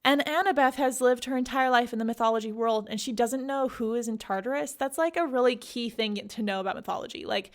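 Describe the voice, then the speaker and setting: A woman's voice: a little high, fast, few pauses. Chatty, giggly woman podcast host. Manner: chatty, giggly, heavy use of "like". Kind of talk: casual book recap.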